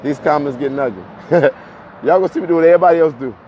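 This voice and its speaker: A man's voice: on the high side, very fast. Breathless man talking while walking uphill. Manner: animated, repeats himself, laughs often. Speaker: livestream host. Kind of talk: casual live-stream talk to viewers. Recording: dull lo-fi phone audio with faint street noise.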